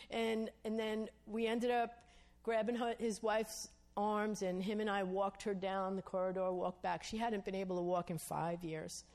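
A woman's voice: mid-range voice, level tone, normal speed, darkish tone. A woman preaching, telling a story and acting out the dialogue in it, asking her listeners to agree. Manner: storytelling, acts out quoted dialogue, asks the audience "Amen?". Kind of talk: sermon testimony.

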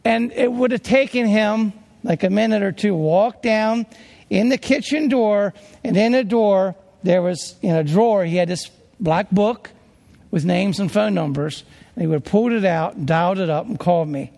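Gravelly high-voiced pastor in a hall. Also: male voice, moderate pace, darkish tone. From Pennsylvania. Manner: earnest, conversational, with restarts. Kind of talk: sermon storytelling.

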